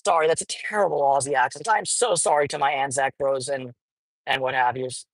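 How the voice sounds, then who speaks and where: A woman's voice: a bass voice, steady tone, fairly quick, no room sound, low-quality recording. A woman vlogging casually while driving, rambling with lots of fillers and swearing now and then inside a car. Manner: rambling, profane, many fillers.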